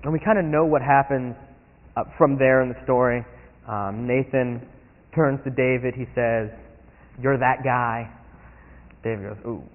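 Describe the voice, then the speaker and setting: Animated male preacher in an echoey hall. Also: mid-range voice, unhurried, pauses often. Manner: animated storytelling, acting out quoted characters. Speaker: pastor. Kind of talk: sermon. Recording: tinny phone-like sound in a long-reverb hall.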